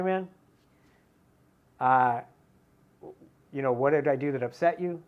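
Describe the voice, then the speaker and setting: A man's voice: fairly high pitch, dull audio. A man hosting a podcast, telling a story in a rambling, candid way and swearing freely. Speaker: podcast host. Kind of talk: casual storytelling commentary.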